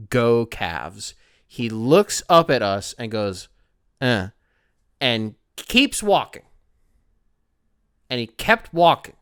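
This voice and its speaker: A man's voice: fairly low pitch, a bit bright, clear, resonant tone, dry recording, studio quality. A man from the Detroit area hosting a podcast, telling a casual story that rambles, with plenty of fillers and swearing. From Detroit area, Michigan. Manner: rambling, profane, lots of fillers. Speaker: podcast host.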